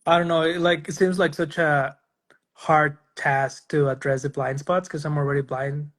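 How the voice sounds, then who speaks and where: A man speaking as a guest in a casual video-call conversation, softly and hesitantly, often trailing off. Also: fairly high pitch, flat delivery, normal speed.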